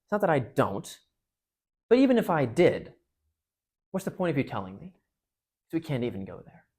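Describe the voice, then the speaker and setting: A man's voice: fairly high pitch, big pitch swings, moderate pace, darkish tone, slightly rough. A man reading aloud and voicing a frightened schoolgirl who talks in an anxious, pleading way. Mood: worried.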